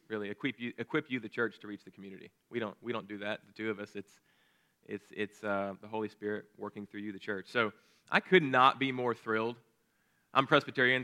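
A pastor. His voice is bright and forceful, and his delivery is earnest and excitable. He often starts a phrase twice before carrying on. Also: on the low side. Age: late 30s. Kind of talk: sermon.

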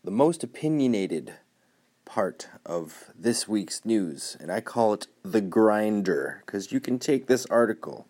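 Male podcaster, somewhat low voice, dry sarcastic delivery that hides the joke, rambles through news with fillers. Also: unhurried, breathy edge. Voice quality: says his tone is neutral and flat. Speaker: podcast host. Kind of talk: solo podcast news commentary.

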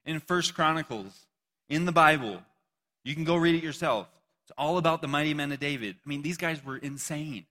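A man preaching a casual sermon, reading scripture slowly and dramatically between conversational asides. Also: a little high, bright, forceful tone. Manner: conversational, reads scripture slowly and dramatically, frequent laughs and "right?". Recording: long hall reverb.

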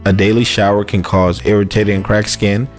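Low-voiced man reading listener comments. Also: level tone, moderate pace, faint music behind. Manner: laid-back, reads comments aloud with emphasis. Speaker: podcast co-host. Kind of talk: casual chat reading comments. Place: podcast studio.

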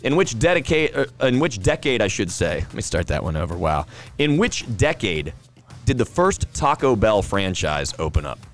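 Low-voiced man hosting pub trivia. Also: sing-song, normal speed, soft background music. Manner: upbeat announcer who repeats each question and banters between rounds. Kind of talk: casual podcast quiz announcing.

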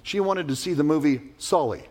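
A man preaching a sermon as pastor, emphatic and animated, telling stories with vivid sound effects. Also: a little high, brisk.

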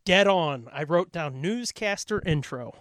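A man co-hosting a podcast in casual chat, hyper and fast-talking, swearing constantly. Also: fairly high pitch, animated, a bit bright. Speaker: podcast co-host.

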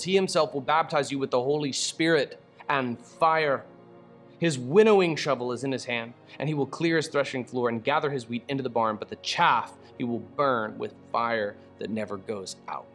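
A man teaches through a Bible passage at an ordinary middle pitch, reading the text and then riffing on it in casual slang. He is animated and often laughs at his own remarks. Soft music plays faintly behind him. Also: normal speed.

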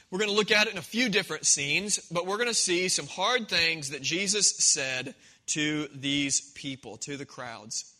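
Pastor type, high and very bright voice, relaxed storytelling delivery. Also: male voice, poor audio. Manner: conversational storytelling, acting out the scenes. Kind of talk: sermon.

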